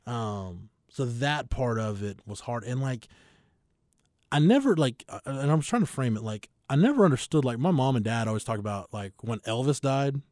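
A man hosting a sports podcast with a mid-pitched, dry-sounding voice. He speaks haltingly, filling gaps with "like" as he searches for words. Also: darkish tone, dry recording. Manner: halting, filler-heavy with frequent "like". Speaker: podcast host. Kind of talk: casual chat.

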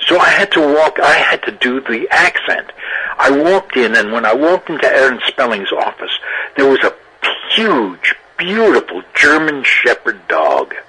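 An older man, an actor being interviewed, telling anecdotes in a lively way and laughing often. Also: medium pitch, unhurried, slightly rough, low-quality recording. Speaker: actor guest.

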